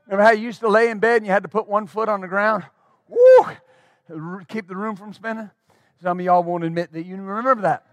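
A middle-aged man preaching to a church, spinning a folksy, animated story with plenty of restarts. His voice sits high for a man. The sound is dry and close, with little room echo. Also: quick pace. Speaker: pastor. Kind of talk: storytelling sermon.

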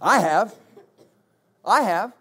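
A male pastor preaching a sermon, rising into repeated, shouted exhortations to his congregation. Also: high-pitched, animated, extremely slow, slightly rough. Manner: builds to shouted, repetitive exhortation.

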